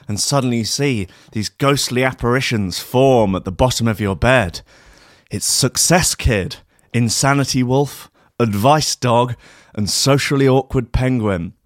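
A man spins a silly ghost story slowly and theatrically, lingering on each line for comic effect. His voice sits at an ordinary middle pitch, and the recording sounds close and dry. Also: dry recording. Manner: playful, theatrical, absurd.

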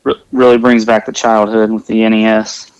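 A man co-hosting a casual movie watch-along podcast, easygoing and quick to laugh, sharing film trivia. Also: fairly low pitch, little pitch movement, clear, resonant tone, no room sound, muffled recording. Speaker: podcast co-host.

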